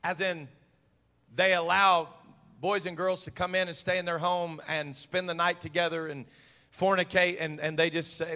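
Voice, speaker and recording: Male preacher with a high, bright voice; impassioned sermon, repetition-heavy, builds to shouts. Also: flat delivery, moderate pace, long reverb tail. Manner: impassioned preaching that rises from soft talk to shouting; repeats words and phrases for emphasis.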